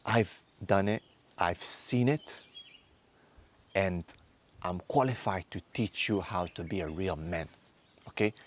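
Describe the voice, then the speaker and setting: This thirtysomething instructor of a men's course speaks in a low-sitting voice, and there's a bit of background noise. His motivational lecture is passionate, peppering listeners with quick rhetorical questions.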